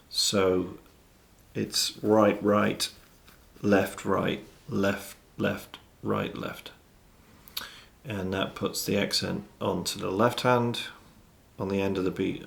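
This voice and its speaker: A man with a very low, gravelly voice explains drum rudiments. He talks in a measured, methodical way, calling out stickings one by one. He sounds like a teacher walking a student through an exercise. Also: a bit bright. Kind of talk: instructional explanation. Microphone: studio mic with monitor system.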